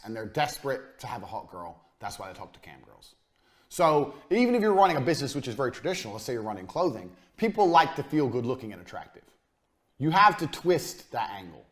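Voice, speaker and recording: A man giving a business lecture as a coach, blunt and profane, hammering his points home by repeating them. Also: medium pitch.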